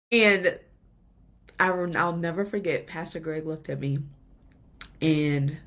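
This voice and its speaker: A woman's voice: low voice, a bit bright. A woman podcast host giving an earnest, emotional personal faith testimony, laughing now and then between lines.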